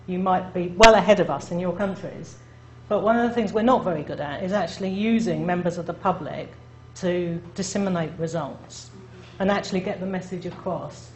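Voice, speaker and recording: A woman giving a conference presentation to an international audience, chatty and self-deprecating, often checking in with the listeners. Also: on the low side. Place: lecture room. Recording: echoey room with faint noise.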